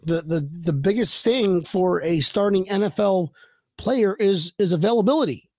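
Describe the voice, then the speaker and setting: Gravelly-voiced man riffing on football. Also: high voice, lively intonation, normal speed, darkish tone, dry recording, studio quality. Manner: rambling, jokey, repeats words when starting sentences. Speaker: podcast co-host. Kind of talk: casual sports talk.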